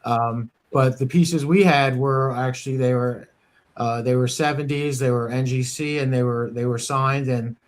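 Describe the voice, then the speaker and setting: A man's voice: mid-range voice, fairly even intonation, normal speed. A man from the United States hosting a coin dealer podcast, talking casually with many fillers and restarts. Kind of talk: casual shop talk podcast.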